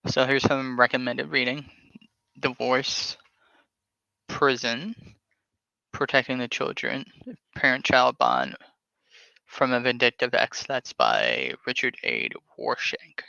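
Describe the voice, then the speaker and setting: A man hosting a podcast, talking casually and haltingly while reading text aloud from his screen. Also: medium pitch, lively intonation, vocal fry, pushed and bright, no echo. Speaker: podcast host. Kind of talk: casual screen-share talk. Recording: dull lo-fi sound.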